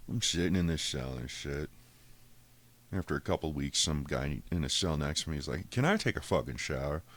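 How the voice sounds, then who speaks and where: Profane deep-voiced man telling a story. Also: a little fast. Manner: profane, animated retelling, acts out quotes. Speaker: podcast host. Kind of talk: casual storytelling.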